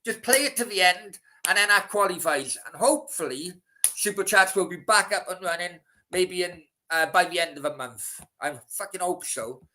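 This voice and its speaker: A man's voice: high voice, animated, normal speed, bright, forceful tone. A man hosting a casual live stream, rambling, swearing freely and talking straight to his chat. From Wales.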